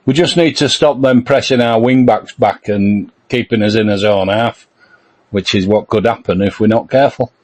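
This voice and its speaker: A man's voice: lowish voice, darkish tone. Jokey man on a podcast. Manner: jokey, quick to laugh. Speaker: podcast panelist. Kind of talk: casual chat.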